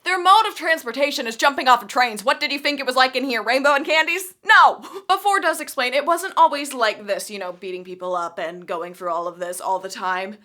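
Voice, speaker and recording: A young woman recapping a book with sarcastic, animated asides. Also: high voice, brisk, hardly any pauses.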